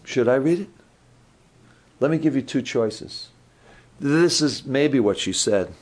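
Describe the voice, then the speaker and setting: A man's voice: medium pitch, animated, takes it slowly, pauses often. A man preaching an informal, conversational sermon, asking the congregation questions, repeating words and correcting himself.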